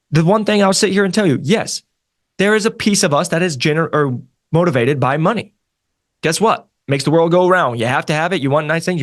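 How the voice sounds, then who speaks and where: Man, sales coach, emphatic, energetic, slightly high pitch, podcast conversation.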